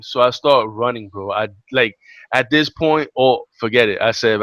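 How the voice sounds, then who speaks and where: A man's voice: mid-range voice, unhurried, no room sound. Young New man, casual podcast storyteller, swears freely, dry close sound. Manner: animated, profane, acts out quotes. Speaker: podcast co-host.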